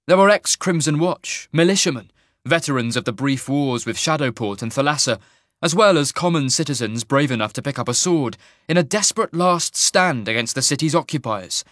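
A man narrating a fantasy audiobook in a measured, even storytelling manner. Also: mid-range voice, no echo, clean studio sound.

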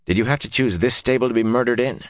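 A man's voice: mid-range voice, fast talker, no room sound, voice pushed up, natural voice. A man voicing a brash young fighter, blunt and exasperated.

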